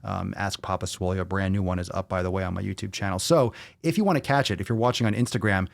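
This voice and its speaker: A lower-voiced man hosts a loose livestream fitness Q&A. He talks bluntly and swears freely, all off-the-cuff, into a close, dry mic. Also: fast, gravelly, no echo. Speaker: fitness podcast host. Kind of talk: casual livestream Q&A.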